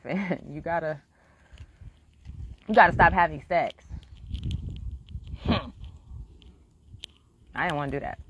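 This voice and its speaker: A woman's voice: fairly low pitch, a little hiss or hum. A woman talking frankly and earnestly in a live-stream monologue, swearing freely as she urges listeners. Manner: earnest, heartfelt encouragement. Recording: dull lo-fi, dry sound.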